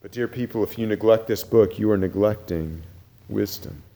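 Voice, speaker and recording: A male preacher delivers a sermon in an earnest, urgent manner. His voice climbs loud when he presses a point, then drops low and hushed. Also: normal speed, long reverb tail. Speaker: pastor.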